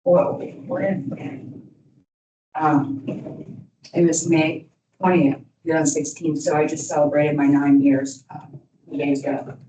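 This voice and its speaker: A woman in her thirties with a lowish voice speaks candidly to a young audience, rambling and leaning on "you know" between thoughts. The room is echoey and she sounds far from the microphone. A faint hiss sits under her speech. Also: flat delivery, measured pace, long pauses, dark tone. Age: 30s. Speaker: alumni speaker. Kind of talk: motivational talk to youth.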